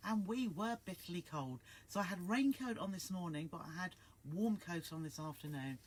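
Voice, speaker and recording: A woman's voice: lowish voice, expressive, normal speed, a little hiss or hum. A woman hosting a casual sewing livestream, chatting and greeting viewers by name in a rambling way.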